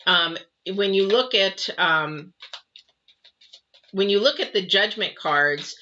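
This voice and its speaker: A middle-aged woman hosts a live tarot reading in a bright, forward voice. She is earnest and repeats her points as she talks straight to the viewers. The livestream audio sounds slightly dull and lo-fi. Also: fairly low pitch. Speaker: tarot reader and livestream host.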